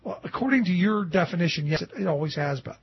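A man hosting a political talk show, animated and sarcastic, often mocking others in a put-on voice. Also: high voice, fast talker, creaky, a little hiss or hum. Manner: animated and sarcastic, mimicking opponents in quotes. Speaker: talk radio host. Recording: dull lo-fi dry studio sound.

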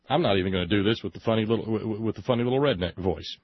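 A man hosting a political talk show, sarcastic and emphatic, slowing down to stress his points. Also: fairly low pitch, breathy edge, dry recording, lo-fi sound. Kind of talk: opinionated political commentary.

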